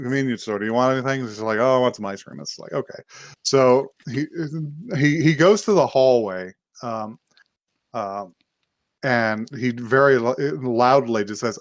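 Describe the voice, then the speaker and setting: A man casually recounting an episode for his podcast co-host, breaking into quick little impressions of the characters and swearing freely. His voice sits at a middling pitch, and the sound is dry and close with no room around it. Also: no room sound. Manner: animated retelling, acting out characters' lines with laughs and swearing. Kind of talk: casual chat, recapping an anime episode.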